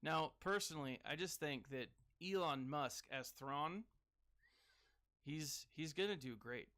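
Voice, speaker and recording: A man giving casual gaming commentary as a streamer, chatting with viewers and breaking into sudden excited whoops. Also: on the high side, measured pace. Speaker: game streamer reading live chat.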